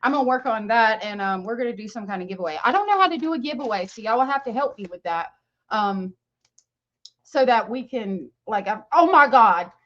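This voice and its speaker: A woman's voice: fairly high pitch, animated, fairly quick, fairly bright tone, dull audio. A woman hosting a livestream, chatting casually and gushing as she greets viewers by name. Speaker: livestream host. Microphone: webcam mic.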